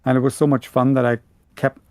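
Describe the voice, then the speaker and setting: German man, halting casual chat. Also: medium pitch, flat delivery, darkish tone, dry recording. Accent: Bavarian German. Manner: halting, many restarts and repeated words. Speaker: podcast co-host and audiobook narrator.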